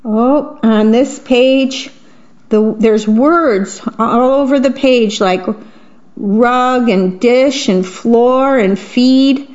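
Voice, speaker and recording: A woman reading picture books aloud to children in a gentle manner, pausing to describe the pictures. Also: a little high. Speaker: storybook reader. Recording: dull lo-fi recording.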